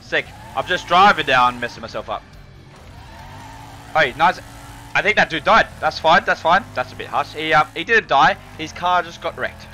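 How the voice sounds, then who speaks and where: A young man, excitedly commentating his own car game, swearing and calling everyone mate. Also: fairly high pitch, moderate pace, soft background music, poor audio. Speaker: gaming video host. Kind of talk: casual gameplay commentary.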